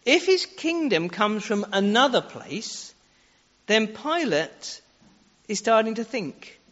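A man's voice: sits high, very animated, slow, fairly bright tone. A man preaching a sermon, earnest, leaning on rhetorical questions and shifting his pace for emphasis. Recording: echoey hall, dull lo-fi sound.

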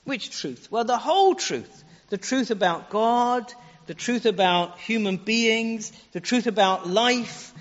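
High-voiced earnest male preacher. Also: expressive, takes it slowly. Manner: earnest, uses rhetorical questions, shifts pace for emphasis. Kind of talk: sermon. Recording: echoey hall, dull lo-fi sound.

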